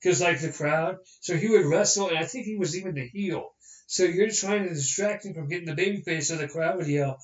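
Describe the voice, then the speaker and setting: A young podcast host tells a rambling story in casual chat, animatedly acting out the people in it and their quotes. His voice is on the high side and a little fast, and the recording sounds roomy, distant, and dull.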